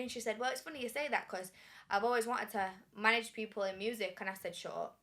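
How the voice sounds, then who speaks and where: A woman's voice: on the high side, fast talker. A young woman with a Yorkshire accent, a singer telling stories as a guest in a casual sit-down interview and acting out the dialogue. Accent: Yorkshire English. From Sheffield, England. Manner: animated, acts out quoted dialogue. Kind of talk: casual storytelling.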